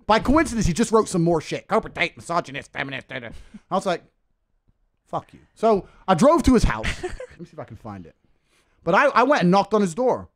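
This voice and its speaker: A man from England telling a story on a podcast, boastful and animated, laughing often. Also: high-pitched, fast. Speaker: guest.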